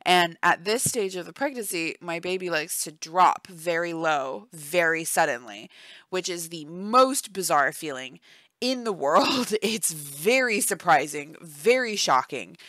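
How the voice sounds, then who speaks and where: A woman's voice: fairly low pitch, animated, measured pace, fairly bright tone, dry recording. A tired young woman chatting casually and giggling in a voice-only vlog. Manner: chatty, giggly, self-deprecating. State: tired, yawning. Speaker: vlogger. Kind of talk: casual chat. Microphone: voice-only home recording.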